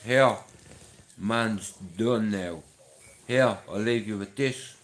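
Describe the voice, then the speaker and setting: A man's voice: on the low side, slow pace. A middle-aged man with a Dublin accent, chatting casually to his livestream viewers, rambling and swearing freely, with a chesty voice from a chest infection. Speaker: livestream host.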